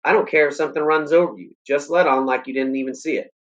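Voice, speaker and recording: A man's voice: a little high, steady tone, fast talker, lightly acted. Earnest country boy talking to his hound, read by a man, coaxing, dull lo-fi sound.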